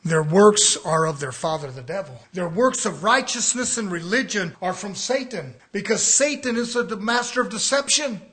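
A male pastor preaching a fiery sermon, dropping to low murmurs and rising to shouts. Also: expressive, normal speed, hardly any pauses.

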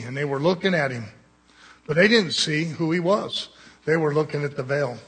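A man's voice: a little high, moderate pace, a bit bright, slightly rough, long reverb tail. A man preaching a sermon, with blunt, conversational jabs at his congregation.

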